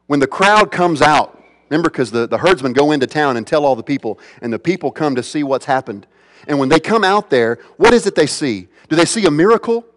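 A man's voice: mid-range voice, in a large hall. A man preaching a sermon as pastor, emphatic, with repeated phrases and rhetorical questions.

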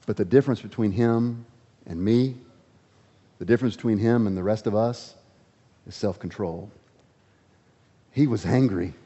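A man's voice: on the low side, normal speed, pauses often, slightly rough. Dramatic preacher man in a reverberant hall. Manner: dramatic, swinging from loud to hushed. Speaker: pastor. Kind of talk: sermon. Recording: dull audio with long hall reverb.

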